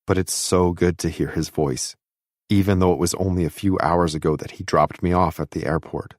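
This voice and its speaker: A man narrating a first-person audiobook in a steady, intimate reading on a close studio mic. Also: deep voice, a little fast, no room sound.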